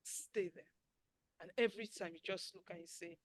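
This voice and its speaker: A woman's voice: fairly low pitch, normal speed, dry recording, poor audio. A woman in her sixties hosting a webinar, giving an emphatic motivational talk over a video call. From Nigeria. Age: 60s. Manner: preachy, emphatic, drops to near whisper at times. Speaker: webinar host and life coach.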